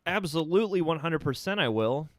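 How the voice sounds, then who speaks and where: A man's voice: on the high side, expressive, a little fast, no room sound, clean studio sound. A man in his forties co-hosting a casual live stream, chatty and joking as he reads viewer messages aloud. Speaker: co-host reading chat messages.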